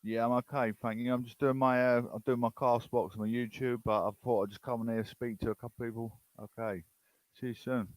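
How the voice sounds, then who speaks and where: A man's voice: mid-range voice, little pitch movement, fast talker, no echo, poor audio. Brief: British male host, rambling and unsure, casual chat, dry close sound. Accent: British English. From United Kingdom.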